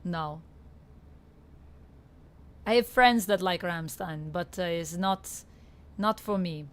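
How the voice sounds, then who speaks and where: A woman's voice: fairly low pitch, takes it slowly. Woman, Canadian accent, young adult, live-stream gamer, casual chat, filler words. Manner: chatty, reads chat aloud, frequent fillers.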